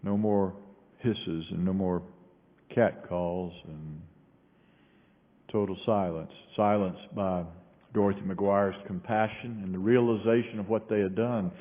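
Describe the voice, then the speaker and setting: A man's voice: sits low, fairly even intonation, unhurried. Preacher man in an echoey church. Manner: storytelling with sudden raised quoted shouts and quiet drops. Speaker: pastor. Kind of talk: sermon. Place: large church sanctuary. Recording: echoey hall on a tinny phone-like line.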